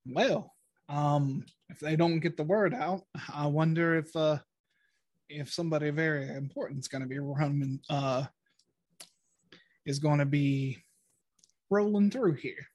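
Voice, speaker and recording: A man voicing a cautious male ally who knows about the cultists, speaking hesitantly with many pauses. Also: fairly high pitch, a little mellow, no room sound. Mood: thoughtful. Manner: hesitant, full of ums and uhs.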